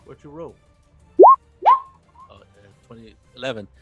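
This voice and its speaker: A man running a tabletop role-playing game as game master, talking haltingly with many fillers. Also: medium pitch, darkish tone, breathy edge, soft background music.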